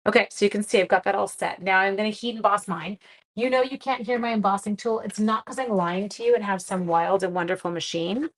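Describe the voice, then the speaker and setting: Talking fairly quickly at a medium pitch with fairly even intonation, this seventh-grade teacher runs a live-stream card-making demo. She's self-mocking, chatting to herself while she crafts.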